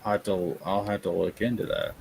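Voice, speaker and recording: A man's voice: low-pitched, wildly swooping pitch, brisk, gravelly, a little mellow, slight background noise. A man from Tennessee, chatting casually on a livestream, ranting and reading chat aloud. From Tennessee, USA. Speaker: streamer.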